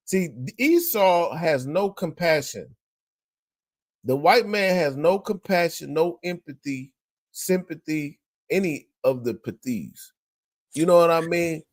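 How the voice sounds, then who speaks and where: A man's voice: a little high, unhurried, dry recording, studio quality. A man co-hosting a podcast, talking casually over a video clip and acting out what people say. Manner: animated, acts out quotes in voices. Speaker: podcast co-host.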